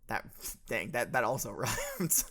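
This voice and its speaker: A man's voice: medium pitch, wildly swooping pitch, measured pace, sharp tone, slightly rough. A man playing a professor in an improvised comedy sketch, playful and rambling with fillers.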